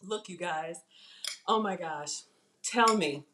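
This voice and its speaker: A woman chatting to viewers in a live cooking demonstration, excitable and talking straight to them. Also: lowish voice, takes it slowly, pauses often, a little hiss or hum. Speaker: cooking vlogger. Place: home kitchen.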